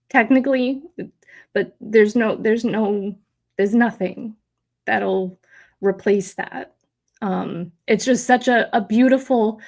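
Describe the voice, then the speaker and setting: A woman's voice: a little high, darkish tone. A woman in her thirties hosting a live stream, chatting in a rambling, emotional way with many fillers and replying to chat. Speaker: host of a live theme park stream.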